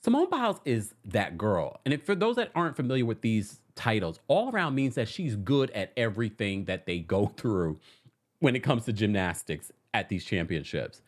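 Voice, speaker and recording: Delivering casual pop culture news, this host is dramatic and animated and laughs often. The voice sits in the mid range at a moderate pace.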